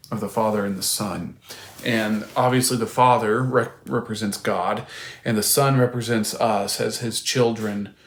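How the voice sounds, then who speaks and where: An earnest man talks through a spiritual lesson in a loose, rambling way, often restarting his sentences. His voice sits at a middle pitch. The recording has a noticeably roomy echo. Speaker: podcast co-host. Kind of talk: faith reflection, casual storytelling.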